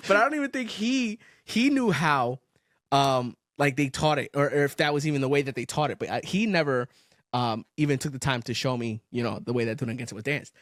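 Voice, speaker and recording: Animated, profane podcast man, dry sound. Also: a little high, a little fast, no room sound. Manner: animated storytelling, profane, laughs often. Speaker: podcast co-host. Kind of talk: casual chat.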